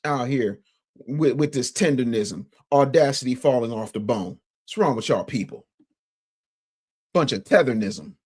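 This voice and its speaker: An American man hosting a morning news livestream, talking bluntly and sarcastically while reading the chat. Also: fairly high pitch. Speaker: morning news show host.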